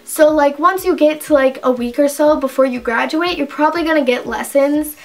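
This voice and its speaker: Young woman, beauty vlogger, high voice, chatty storytelling, filler-heavy. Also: moderate pace, soft background music. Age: young adult. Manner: chatty, rambling, heavy use of "like". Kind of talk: casual storytime vlog.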